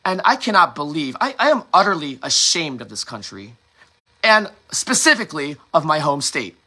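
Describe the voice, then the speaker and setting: Angry, bright-voiced man ranting. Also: fairly high pitch, sing-song, normal speed. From United States. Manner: angry, profane ranting with restarts. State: emotional, sighing. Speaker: host. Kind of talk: emotional monologue.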